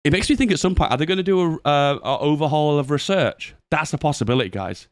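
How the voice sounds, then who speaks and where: Guy hosting a gaming channel, lively swoopy delivery, dry close sound, laughs and swears. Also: on the high side, quick pace, clean tone, no echo. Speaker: gaming YouTuber. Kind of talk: casual commentary on a game update.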